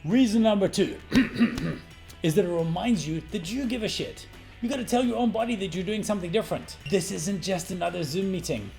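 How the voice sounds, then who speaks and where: High gravelly guy ranting about presenting, swears a lot, super emphatic, bit of guitar music in the back. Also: brisk. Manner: brash, swearing, animated and emphatic. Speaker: presentation coach. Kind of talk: energetic talking-head vlog. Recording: faint guitar music underneath.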